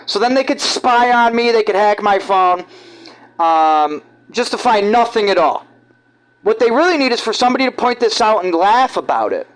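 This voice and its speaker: A man from giving rambling, halting, conspiratorial commentary over video clips. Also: high-pitched, animated, a bit bright, rough recording. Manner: halting, restarts often, conspiratorial. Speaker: vlogger.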